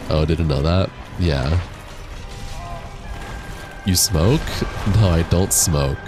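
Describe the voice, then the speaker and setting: A man's voice: deep voice, very slow, pauses often, music in the background. A young man streaming a game, chatting casually, reading chat aloud and laughing often. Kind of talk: casual livestream chat while gaming.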